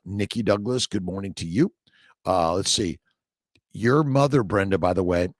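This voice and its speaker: Middle-aged male doctor hosting a livestream, low voice, loose and preachy, dry close mic. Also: dry recording. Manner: loose, repetitive, preachy, swears casually. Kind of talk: casual livestream chat, reading viewer comments.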